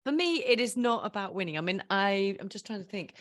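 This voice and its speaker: Lively woman in her fifties. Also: medium pitch, fairly quick, no room sound. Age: 50s. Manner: animated, laughs often at her own mishaps. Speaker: podcast guest. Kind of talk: casual storytelling interview.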